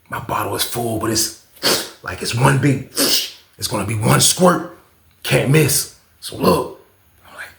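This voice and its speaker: A man telling a casual storytime tale, animated and profane, often repeating his own catchphrases. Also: on the low side, measured pace, creaky, echoey room. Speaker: storyteller, channel host.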